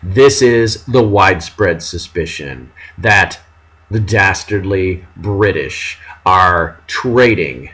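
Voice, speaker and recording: A man teaching a history lesson, dramatic and animated, reading out period quotes with mock outrage. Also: low-pitched, low-quality recording. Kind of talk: classroom history lecture.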